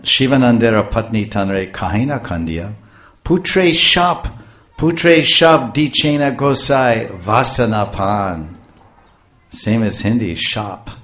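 A man telling a scripture story in a lecture, chanting verses and chuckling as he explains, recorded in an echoey room. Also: fairly low pitch. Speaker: speaker on scripture. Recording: roomy echo.

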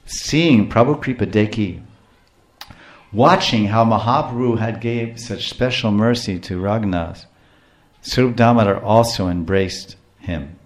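A man's voice: on the low side, unhurried, reverberant. A man giving a scripture lecture as a spiritual teacher, telling stories with frequent restarts. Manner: storytelling, acts out quotes, frequent restarts.

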